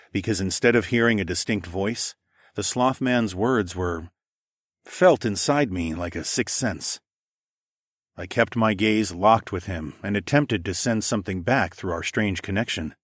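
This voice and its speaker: A man reads a first-person story aloud in a steady, measured way, his voice sitting fairly low. The recording is dry and close, with no room sound. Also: no echo. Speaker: audiobook narrator. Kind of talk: scripted first-person narration.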